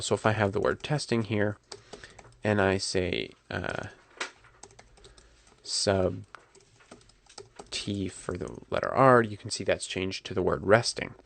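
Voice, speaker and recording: A man talking through a coding tutorial at his computer, relaxed and correcting himself as he types. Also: on the low side, gravelly, dry recording. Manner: relaxed, self-correcting, talks while typing. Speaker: programming instructor.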